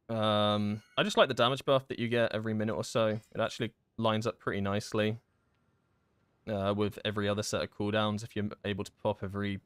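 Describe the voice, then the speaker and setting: A man streaming a game in casual chat, rambling and chatty with many fillers and quick laughs. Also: on the low side, fairly bright tone, smooth, no echo. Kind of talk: casual live-stream chat while gaming.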